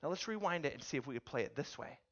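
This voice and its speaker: A male pastor delivering a sermon through a story, asking his listeners questions along the way. His voice sits at a mid-range pitch, and his delivery is animated. The recording sounds dull and lo-fi. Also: very fast.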